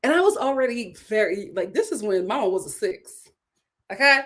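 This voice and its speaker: A young adult woman hosting a casual livestream, reading viewer comments aloud in a chatty, animated way and laughing often. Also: medium pitch, moderate pace. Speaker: YouTube show host reading super chats.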